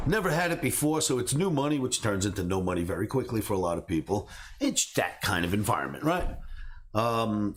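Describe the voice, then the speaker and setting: A man's voice: on the low side, slight background noise. A middle-aged man, casually telling a story to a live stream and acting out the voices of people in it. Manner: animated, acts out voices of people in his stories. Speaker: trading educator telling stories.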